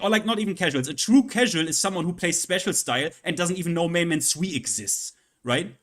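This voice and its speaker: A man's voice: a little high, animated, brisk, few pauses, a bit bright. A man streaming live, ranting casually and profanely in an exasperated, rambling way, often restarting his sentences.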